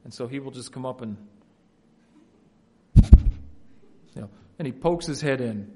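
A man preaching an expository sermon, shifting between quiet, folksy asides and loud, emphatic passages. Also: medium pitch, quick pace. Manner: folksy family anecdotes, laughs at own stories. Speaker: pastor.

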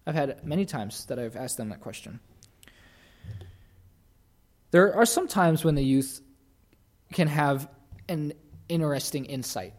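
A man's voice: fairly high pitch, animated, normal speed, darkish tone. A young man preaching a sermon in an earnest, conversational way, acting out the voices he quotes.

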